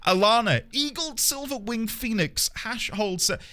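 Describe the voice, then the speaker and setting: A man's voice: very high-pitched, animated, a little slow, sharp tone. A man live-streaming a game, chatting casually with viewers, greeting them by name and playing up mock outrage.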